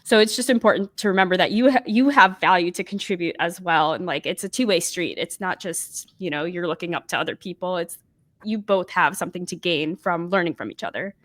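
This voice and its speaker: A woman's voice: fairly low pitch, brisk. A woman hosting a podcast interview over a video call, casual and thoughtful, with many fillers. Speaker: podcast host.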